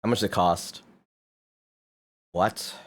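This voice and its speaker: A man streaming and chatting casually, animated, swearing often and laughing a lot. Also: low-pitched, slow pace. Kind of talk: casual chat.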